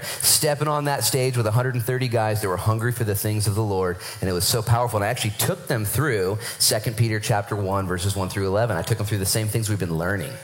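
A male pastor preaching a sermon and telling stories with acted-out quotes. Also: fairly low pitch. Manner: animated storytelling with acted-out quotes.

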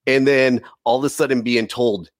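A man's voice: mid-range voice, moderate pace, no room sound, studio quality. A man telling his life story in a casual, earnest way, often calling his listener "dude.". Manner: earnest, animated, says "dude" a lot. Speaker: guest telling his testimony.

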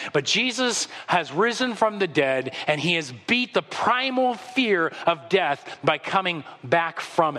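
A man preaching a sermon as pastor, telling the story with animated storytelling and acting out the voices. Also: a little high. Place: church sanctuary. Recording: long hall reverb.

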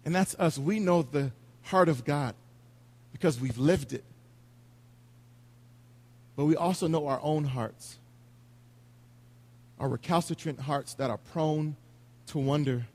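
A man delivers a sermon in a husky, slightly raised voice. He speaks earnestly and confesses his own failings, then retells scripture in plain, everyday words. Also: on the high side, slow, pauses often, darkish tone. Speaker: preacher.

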